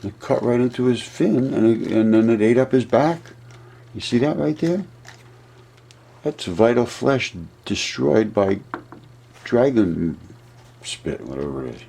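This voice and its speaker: A man talking through a map in a casual, rambling monologue, often laughing at his own ideas and getting excited. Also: medium pitch, a little slow, gravelly, long pauses, husky. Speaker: video presenter.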